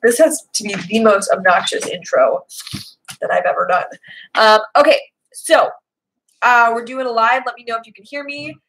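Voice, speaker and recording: Young female vlogger, casual live chat, bright, lively tone, loose and rambling. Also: on the high side, normal speed, poor audio. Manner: chatty, rambling, many fillers. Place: indoors at home, Seattle.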